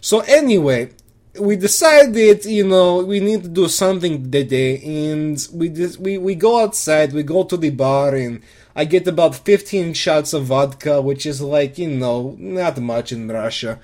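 A man's voice: a little high, measured pace, a little mellow. A man delivering a comedic first-person monologue, rambling and crude, with lots of restarts.

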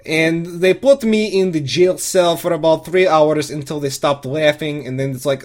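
A man with a somewhat high voice talks through a comic monologue about his day. He rambles, swears freely and keeps stopping to restart his sentences. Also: steady tone, moderate pace, few pauses, a little mellow. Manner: crude, rambling storytelling with many restarts. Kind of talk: comedic first-person monologue.

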